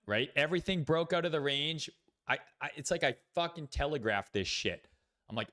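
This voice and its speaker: A man's voice: a little high, lively intonation, a little fast, pushed and bright. A man hosting a casual crypto trading livestream, talking bluntly with swearing and lots of fillers. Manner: blunt, profane, thinks aloud with many fillers. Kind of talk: casual livestream market commentary.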